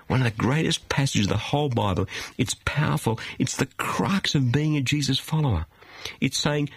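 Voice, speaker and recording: A middle-aged male preacher delivers a studio sermon with a husky, slightly breathy voice and a pitch that rises and falls widely. He preaches emphatically and keeps asking the listener questions. The sound is close and dry, with no room echo. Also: big pitch swings, fairly quick.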